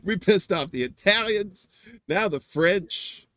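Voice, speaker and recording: A man co-hosting a casual podcast chat, rambling and joking, jumping into high squeals for emphasis. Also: lively intonation, slow, sharp tone, dry recording, clean studio sound. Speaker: podcast co-host.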